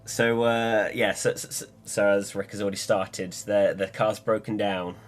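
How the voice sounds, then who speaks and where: A man's voice: on the low side, normal speed. A young man, co-hosting a casual podcast chat and cracking jokes. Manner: joking, animated, laughs at own jokes. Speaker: podcast co-host.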